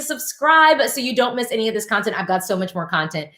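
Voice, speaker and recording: A woman's voice: fairly high pitch, big pitch swings, fast talker, few pauses, fairly bright tone. A woman host giving casual reaction commentary to camera, chatty, often repeating phrases and restarting. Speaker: Eurovision reaction vlogger. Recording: roomy echo.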